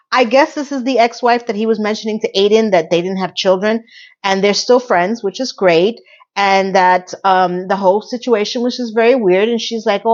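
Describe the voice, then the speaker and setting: A woman casually recapping a TV episode for her viewers, animated and playful, with asides to the audience. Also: medium pitch, highs cut off. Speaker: TV recap vlogger.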